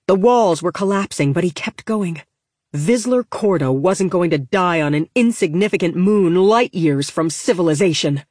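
A woman reading a storybook aloud in a steady, measured narration. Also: lowish voice, dry recording, studio quality. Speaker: audiobook narrator.

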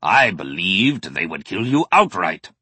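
A man voicing a stern, zealous alien war master who speaks in a commanding, measured way in an audiobook. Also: sits low, big pitch swings, sharp tone, breathy edge, no echo, exaggerated voice.

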